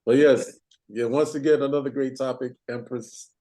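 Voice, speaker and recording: A man's voice: medium pitch, fairly even intonation, normal speed, warm tone. A man co-hosting a casual podcast chat, laid-back, repeating himself and laughing a lot. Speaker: podcast co-host.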